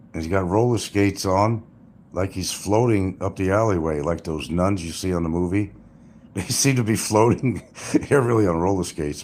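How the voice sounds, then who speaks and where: Low-voiced older man mocking on a livestream. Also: a little mellow. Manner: mocking, rambling, crude. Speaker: livestream host. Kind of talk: casual livestream commentary.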